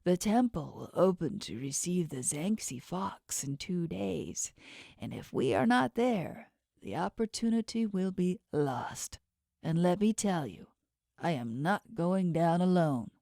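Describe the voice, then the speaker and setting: Lady narrator doing a cold scary shark-toothed boss guy, slow and lowish, dry close sound. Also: expressive, gravelly, mellow, no room sound, full character voice. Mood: menacing. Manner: cold, threatening, condescending. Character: menacing inhuman male boss with shark teeth. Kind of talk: audiobook character voice.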